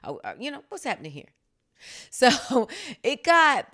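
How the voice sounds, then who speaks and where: A woman in her thirties hosting a podcast in a casual solo chat, laughing often and acting out quotes in a higher voice. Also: wildly swooping pitch, a little slow, bright, forceful tone. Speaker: podcast host.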